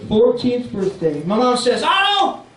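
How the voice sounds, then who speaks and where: Man, stand-up comic, deadpan one-liners, echoey club from far off. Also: very high-pitched, measured pace. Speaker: stand-up comedian. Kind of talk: stand-up comedy set. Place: comedy club stage. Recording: roomy club, distant mic, crowd laughter.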